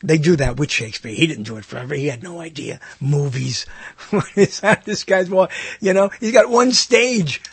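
A man's voice: fairly high pitch, lively intonation, normal speed, breathy edge, no echo. A man hosting his own talk show, rambling through a casual monologue with many self-interruptions and wry asides. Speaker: host.

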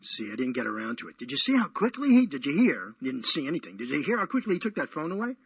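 A man's voice: on the high side, sing-song, fast, creaky, husky, dry recording. A man hosting a radio show, chatting in a playful, rambling, teasing way. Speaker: radio host. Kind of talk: casual call-in radio chat. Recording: dull lo-fi radio audio.

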